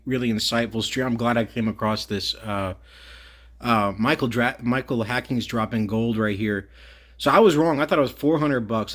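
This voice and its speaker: A man's voice: medium pitch, fairly bright tone. A man hosting a livestream, agreeing with his guest and rambling with lots of fillers. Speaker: livestream host. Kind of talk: casual livestream chat.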